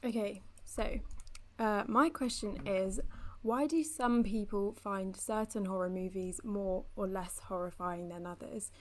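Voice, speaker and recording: A woman's voice: medium pitch, unhurried, hardly any pauses. A woman co-hosting a podcast, chatting in a playful, giggly way. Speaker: podcast co-host. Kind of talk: casual chat.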